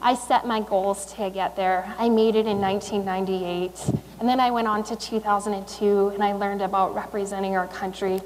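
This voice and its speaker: A woman's voice: medium pitch, flat delivery, normal speed, a little mellow, big-room sound, slight background noise, rough recording. A woman in her thirties, an athlete giving a motivational speech at a school in a conversational way, with fillers and restarts. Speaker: guest speaker, Olympic speed skater. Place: school assembly.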